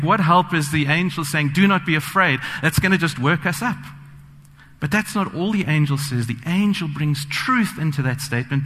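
A man's voice: a little high, fairly bright tone. Earnest man preaching in a reverberant church. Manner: earnest, personal storytelling with frequent fillers. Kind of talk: sermon. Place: church sanctuary.

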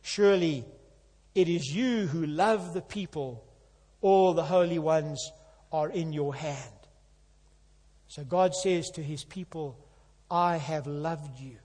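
A man preaching a sermon, earnest and emphatic, building to loud passages. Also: a little high, takes it slowly, pauses often. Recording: long hall reverb.

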